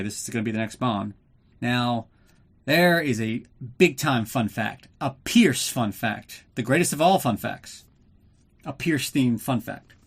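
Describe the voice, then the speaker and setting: Guy ranting on his movie podcast, sarcastic, swears a lot, has a drink going. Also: medium pitch. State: drinking while recording. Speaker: podcast host. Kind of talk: casual movie recap podcast.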